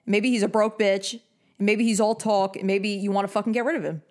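A woman's voice: medium pitch, steady tone, moderate pace, darkish tone. Blunt, foul-mouthed young woman lecturing. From New York. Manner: blunt and heavily profane; bossy, lecturing. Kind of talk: casual advice rant.

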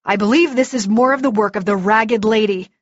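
A woman voicing a composed male henchman who answers in a flat, formal way. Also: medium pitch, a little fast, dry recording, lightly acted. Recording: dull lo-fi recording.

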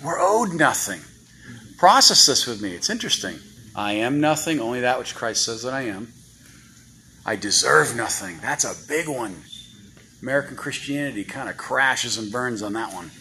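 Bright-voiced man preaching a sermon. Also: mid-range voice, animated, moderate pace, slight background noise, low-quality recording. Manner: conversational, rhetorical questions to congregation. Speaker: guest preacher. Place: church. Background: congregation responses.

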